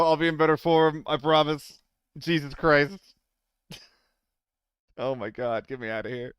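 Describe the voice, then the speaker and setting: Smooth-voiced young male streamer. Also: a little high, level tone, measured pace, pauses often, fairly bright tone, dry recording, clean studio sound. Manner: loose and profane, chatting with viewers, flustered in fights. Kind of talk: casual live-stream chat while gaming.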